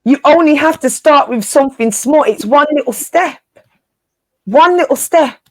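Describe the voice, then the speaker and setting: A woman's voice: sits high, normal speed, no room sound. A woman co-hosting a casual spiritual live chat, encouraging her listeners and often repeating phrases for emphasis in informal, slangy speech.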